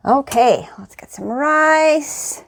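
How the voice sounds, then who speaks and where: A woman's voice: a little high, unhurried. Chatty woman hosting a home cooking vlog. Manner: chatty, tasting food on camera. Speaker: cooking channel host.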